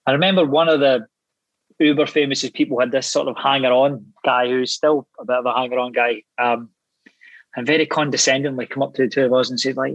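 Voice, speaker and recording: A Scottish man in his thirties, an actor guest telling animated, sweary anecdotes with laughing asides in casual chat. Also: mid-range voice, quick pace, no room sound, muffled recording. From Scotland.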